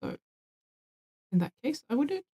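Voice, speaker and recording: A woman's voice: sits high, very animated, fairly quick, dark tone. A woman co-hosting a live question-and-answer chat who reads out viewer questions and answers frankly, with casual swearing. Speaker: co-host reading viewer questions.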